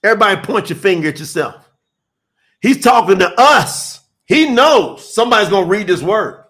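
A man's voice: sits high, very animated, moderate pace, bright, forceful tone. A man preaching an emphatic sermon, calling out to listeners by name and drawing out his points. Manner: emphatic, call-and-response preaching to online listeners. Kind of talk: live-streamed sermon.

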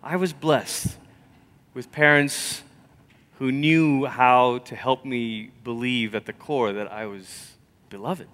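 A man preaching a sermon, telling stories conversationally and swinging from loud emphasis to near whispers. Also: medium pitch, fairly even intonation, takes it slowly. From Malaysia. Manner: storytelling, conversational. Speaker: pastor.

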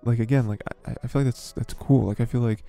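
A man's voice: medium pitch, steady tone, fast talker, vocal fry, dark tone, faint music behind. A young man hosting a podcast, talking in a rambling, filler-heavy, exasperated way. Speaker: podcast host. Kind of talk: casual commentary.

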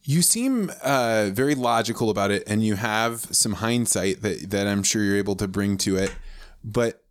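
A male interviewer with a fairly low voice asks measured, probing questions. Between his questions he offers brief affirmations. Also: animated. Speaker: podcast host, interviewer.

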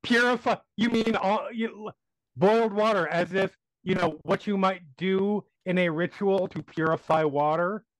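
Brief: man, slightly high voice, very slow deliberate delivery, dry mic. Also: steady tone, dry recording, rough recording. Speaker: player. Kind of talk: casual tabletop play and narration of own character.

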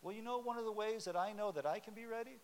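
A man's voice: sits high, fast talker. A man preaching a sermon in a church sanctuary, talking conversationally and quizzing the congregation with questions. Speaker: pastor. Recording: long hall reverb with faint hiss.

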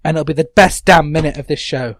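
A man's voice: a little high, fast, a bit bright, slight background noise. A young man hosting a podcast in casual chat, joking and laughing often. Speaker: podcast host.

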